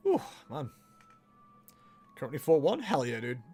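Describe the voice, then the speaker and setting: A man's voice: mid-range voice, wildly swooping pitch, unhurried, dark tone, breathy edge, soft background music. A young man chatting casually on a livestream while he plays, laughing often and poking fun at himself. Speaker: streamer.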